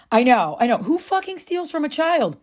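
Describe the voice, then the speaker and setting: A woman's voice: sits high, sing-song, normal speed, a little mellow. A woman speaking as a self-help speaker, telling a personal story in a chatty, confiding way. She swears freely and calls the listener "friend.". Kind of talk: candid personal storytelling to camera.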